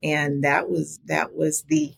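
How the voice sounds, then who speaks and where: Middle-aged woman, podcast guest, gravelly, lower voice, animated storytelling. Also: takes it slowly. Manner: animated, talks to the host as "girl". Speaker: podcast guest, small business advocate. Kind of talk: candid conversational storytelling.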